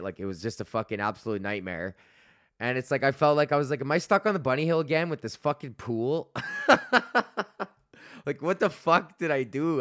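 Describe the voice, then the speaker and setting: A young man hosts a podcast, rambling through a profane story packed with fillers and laughing at himself. His voice is lowish, a bit bright, clear and resonant, captured in a clean studio with no room sound.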